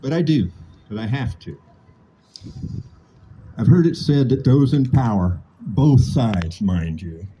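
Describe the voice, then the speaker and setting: Outdoors at a protest, a man in his late sixties delivers a fiery speech, layering his arguments through repeated rhetorical phrasing. His medium-pitched voice has a dark tone, and the poor audio carries slight background noise.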